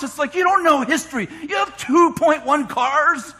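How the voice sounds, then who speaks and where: A man preaching a lively sermon, shouting his points and mimicking complainers in mock voices. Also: extremely high pitch, moderate pace, hardly any pauses. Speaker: pastor. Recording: long hall reverb from a church.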